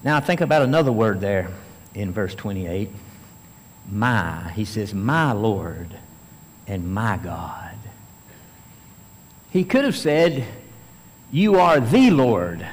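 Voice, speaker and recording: A man preaching a sermon as a pastor, building to emphatic bursts and then slowing to stress key phrases. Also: mid-range voice, sing-song, in a large hall.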